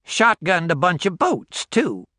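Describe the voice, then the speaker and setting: A man's voice: sits high, wildly swooping pitch, measured pace, sharp tone, dry recording, clean studio sound, voice pushed up, exaggerated voice. A man voicing a laconic old rural backwoods man with clipped, folksy replies.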